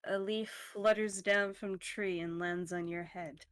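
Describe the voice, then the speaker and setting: A woman acting as game master in a tabletop game over voice chat, relaxed and often laughing. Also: medium pitch, unhurried, smooth, no room sound. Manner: relaxed, counts squares aloud, laughs often. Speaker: dungeon master.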